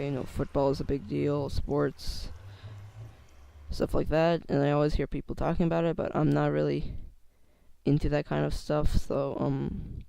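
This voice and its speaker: Teenage male YouTuber, nervous and halting delivery, slightly high voice with a gravelly edge. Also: dark tone, no room sound. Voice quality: voice cracks. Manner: hesitant, many fillers and restarts. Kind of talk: casual vlog monologue.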